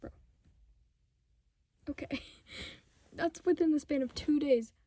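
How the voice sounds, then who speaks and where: A fifteen-year-old girl ranting casually to camera at home, rambling and sidetracked, talking fast in bursts and often dropping to a whisper. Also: sits high, mellow, no room sound. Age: 15, teenager. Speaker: vlogger. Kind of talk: casual unscripted rant to camera.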